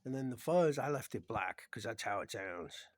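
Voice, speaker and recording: Guy rambling on about his pedals, dry close sound, drifts off quiet mid sentence. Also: animated, normal speed, dry recording. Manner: rambling, meandering, often trailing into low murmurs. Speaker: hobbyist showing his guitar pedals. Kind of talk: casual show-and-tell vlog.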